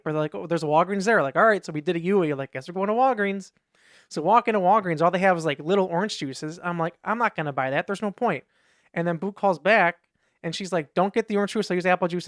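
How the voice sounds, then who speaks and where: Fast-talking man telling rambling stories. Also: sits high, a bit bright, no echo, studio quality. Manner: rambling anecdotes, acting out quotes in raised voices. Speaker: podcast co-host. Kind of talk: casual chat.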